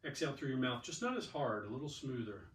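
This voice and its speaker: Bright-voiced man teaching yoga in an echoey room. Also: mid-range voice, animated, quick pace. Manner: chatty, encouraging, talks through each cue. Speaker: yoga and fitness instructor. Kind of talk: guided exercise instruction. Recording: echoey room, mic at a distance.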